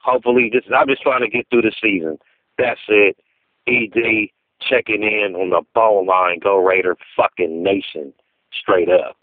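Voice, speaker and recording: A man's voice: fairly low pitch, fairly even intonation, moderate pace. A man calling in from Los Angeles, venting angrily and cursing about his team's losing streak. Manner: angry, profane venting. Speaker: caller. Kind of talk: call-in voicemail rant. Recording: tinny phone line.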